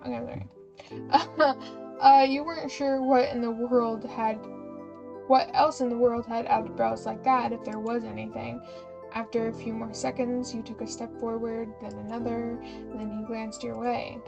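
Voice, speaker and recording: Young female streamer, chatty narrator, gravelly fry, music bed. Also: fairly high pitch, flat delivery, unhurried, dull audio. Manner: giggly, chatty, self-interrupting. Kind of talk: reading a story game aloud with chatty asides.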